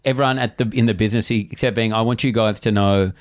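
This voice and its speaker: A man's voice: on the low side, steady tone, fast. A man comedian telling a story in casual chat with a wry, understated delivery.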